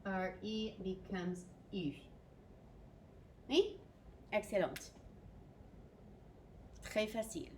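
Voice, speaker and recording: A woman's voice: mid-range voice, very slow, long pauses, a little hiss or hum. A woman French teacher recording a video lesson for her students, upbeat and mixing French phrases into her English explanations.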